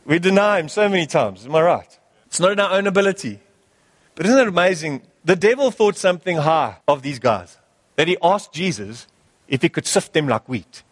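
A man's voice: fairly high pitch, expressive, moderate pace, slightly rough, long reverb tail. A male pastor preaching a sermon, urging his church with emphatic, repeated exhortations.

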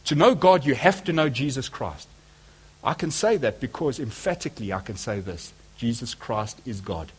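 A man's voice: medium pitch, animated, normal speed, husky. A man preaching a sermon, speaking emphatically and asking his listeners rhetorical questions.

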